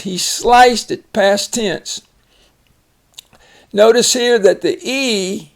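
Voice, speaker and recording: A man giving a phonics lesson at his computer, reading out each word slowly and explaining it with an example sentence. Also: sits high, gravelly. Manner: deliberate, stretches out each target word, then explains. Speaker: reading teacher. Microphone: computer voice-over over a screen recording.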